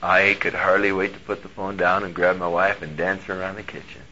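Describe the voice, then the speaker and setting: A male pastor telling a personal story in a sermon, animated and moving between hushed and loud delivery. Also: low-pitched, brisk, a little hiss or hum. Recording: dull lo-fi recording.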